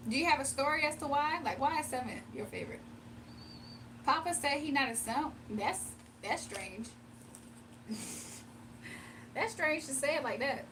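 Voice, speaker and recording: A woman's voice: high voice, expressive, normal speed, long pauses, recorded from a distance, noisy background. A woman from the US East Coast chatting casually on a morning live stream, laughing often and reading viewer comments aloud. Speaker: live-stream tarot reader. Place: home, early morning.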